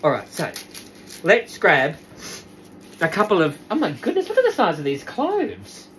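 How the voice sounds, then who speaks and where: Woman, casual cooking host, lower voice with lively melody, playful sing-song asides. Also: a little slow, a little hiss or hum. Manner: chatty, laughs often, talks to viewers. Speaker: cooking demonstrator.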